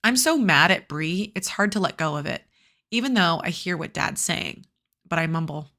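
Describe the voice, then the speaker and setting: A woman reads a novel aloud for her students, stopping now and then to comment in a loose, chatty way. Her voice is bright and forward, sitting a little low. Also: expressive, normal speed. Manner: casual, chatty asides with fillers and restarts. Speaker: teacher reading a novel aloud.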